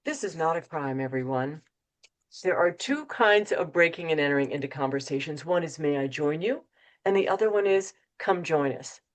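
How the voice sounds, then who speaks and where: A middle-aged woman giving a motivational webinar talk, acting out quoted dialogue with lively shifts in her voice. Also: low-pitched, normal speed. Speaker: keynote speaker.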